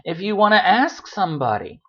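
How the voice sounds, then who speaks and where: Chatty man teaching with a lively voice. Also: high-pitched, moderate pace, muffled recording. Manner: relaxed, chatty, with dry joking asides. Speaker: Spanish teacher. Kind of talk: recorded language lesson. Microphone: computer microphone.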